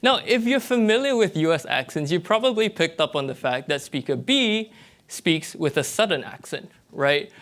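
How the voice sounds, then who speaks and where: Animated young man with a Malaysian accent. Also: a little high, normal speed. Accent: Malaysian English. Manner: lively, explanatory, checks in with the audience. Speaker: graduate student presenter. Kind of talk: TED-style talk.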